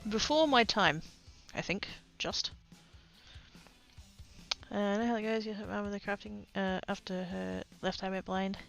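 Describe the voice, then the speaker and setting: An Australian woman chatting casually on a livestream while she crafts, rambling and often trailing off into quiet asides. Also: mid-range voice, moderate pace, creaky, soft background music. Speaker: streamer.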